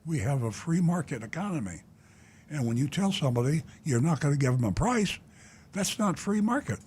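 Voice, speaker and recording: An older man hosts a call-in talk show in a blunt, indignant way, wandering off with plenty of "uh"s and restarts. His voice sits at an ordinary middle pitch, with a faint hiss underneath. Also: a little mellow. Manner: blunt, indignant, rambling with many "uh" fillers. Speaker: talk show host, car dealer.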